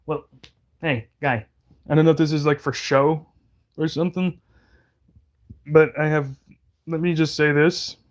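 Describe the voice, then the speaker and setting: A man's voice: on the high side, measured pace, long pauses. A man giving casual reaction commentary, rambling and heated, stumbling over restarts. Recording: dull lo-fi audio.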